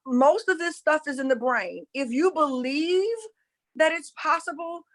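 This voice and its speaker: A woman's voice: high voice, animated, unhurried, rough recording. A woman, a spiritual coach and former preacher, speaking in an emphatic, preaching style and repeating her points while addressing listeners as y'all. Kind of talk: impassioned preaching-style talk.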